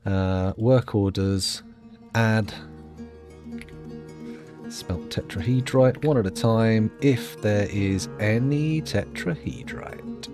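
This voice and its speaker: A man's voice: on the low side, takes it slowly, over music. A man giving jokey, rambling gameplay commentary, muttering asides to himself as he plays. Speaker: let's play host.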